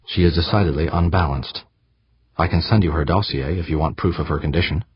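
A man doing a smooth, patronizing woman official. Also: a bass voice, brisk, no echo, dull audio, heavily acted. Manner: smooth, patient, condescending.

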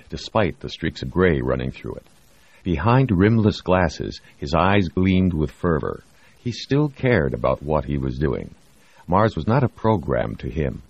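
A man reading a novel aloud as narrator, measured and expressive. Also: very deep voice, creaky, husky. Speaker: audiobook narrator. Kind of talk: scripted narration. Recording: dry, slightly muffled audio.

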